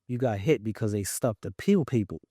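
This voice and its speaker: Animated New York man telling a story. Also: fairly low pitch, a little fast, dry recording, clean studio sound. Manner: animated, acts out quoted voices. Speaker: podcast guest. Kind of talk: casual storytelling.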